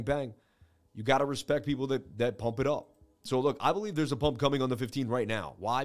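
A man hosting a casual market-analysis livestream, rambling in a conversational, self-assured teaching way. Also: mid-range voice. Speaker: host.

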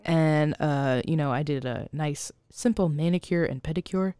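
A woman's voice: low voice, normal speed, dark tone, smooth, no room sound, clean studio sound. A woman co-hosting a casual podcast chat, teasing and laughing often. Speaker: podcast co-host.

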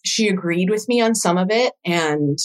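A woman guest on a podcast, a doula coach, telling a personal story in casual conversation with emotional, animated quoted dialogue. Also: on the low side, moderate pace, low-quality recording.

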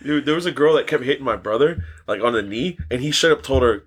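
A man's voice: medium pitch, fast talker, few pauses, a bit bright, breathy edge. A young man co-hosting a podcast in casual chat, laid-back, swearing a lot and laughing often. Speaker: podcast co-host.

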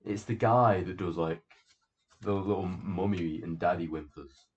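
A man co-hosting a casual podcast chat, talking in a deadpan, offhand way. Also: deep voice, a little slow, a little hiss or hum. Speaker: podcast co-host. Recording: dull lo-fi sound.

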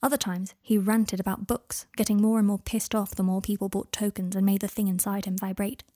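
A woman narrating a fan-fiction story in a frank, unhurried reading style. Her voice is mellow and dark, with a husky edge. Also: mid-range voice, level tone. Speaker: audiobook reader.

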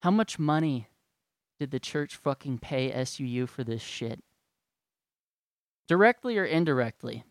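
A man's voice: fairly high pitch, dry recording, studio quality. A young man ranting, heated, profane and sarcastic. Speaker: vlogger. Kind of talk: angry rant.

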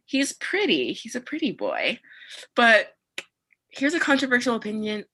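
A young woman co-hosting a podcast in casual chat, talking fast and laughing often. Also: on the high side, very animated, sharp tone, slightly rough. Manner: chatty, laughs often, quick asides. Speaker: podcast co-host.

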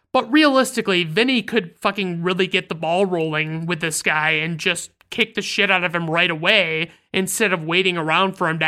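Bright-voiced, foul-mouthed woman reviewer. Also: on the low side. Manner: blunt, profanity-laden storytelling. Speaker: film reviewer. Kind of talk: casual film recap.

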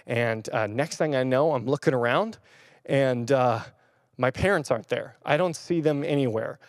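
A man's voice: medium pitch, normal speed, no echo, clean studio sound. Chatty young man preaching a story sermon. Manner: chatty, rambling with fillers and restarts. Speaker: pastor. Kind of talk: casual sermon with personal story. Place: church or room filmed on camera.

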